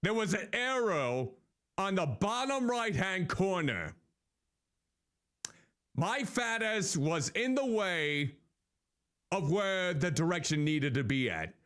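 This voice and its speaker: Guy streaming a game, slow and chatty, voice goes up and down a ton. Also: high voice, big pitch swings, fairly bright tone, smooth. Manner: chatty, thinking aloud, quick to laugh. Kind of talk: casual game commentary.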